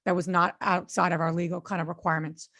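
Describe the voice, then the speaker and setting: Earnest woman with a creaky voice. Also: fairly low pitch, flat delivery, fast talker, fairly bright tone. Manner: earnest storytelling with frequent fillers and restarts. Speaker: podcast co-host and real estate investor. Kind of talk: casual podcast conversation.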